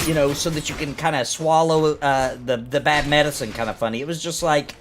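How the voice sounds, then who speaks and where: A man's voice: on the high side, brisk, few pauses, soft background music. A man chatting casually on a live game stream, rambling and ranting as he reacts to his chat.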